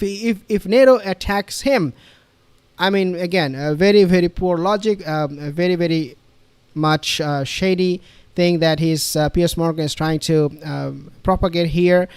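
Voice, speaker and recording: A man with a notably high voice delivers reaction commentary, pressing his points hard and circling back with fillers and restarts. The sound is dry and close, with no room around it. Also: smooth, no echo. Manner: emphatic, repetitive, with many fillers and restarts. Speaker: online commentator. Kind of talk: reaction commentary on a played clip.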